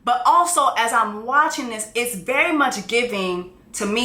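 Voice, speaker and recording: Animated, slangy woman recapping a show. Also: a little high, moderate pace, hardly any pauses, echoey room. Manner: animated, laughing, slangy, acts out characters' lines. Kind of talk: casual profane recap commentary.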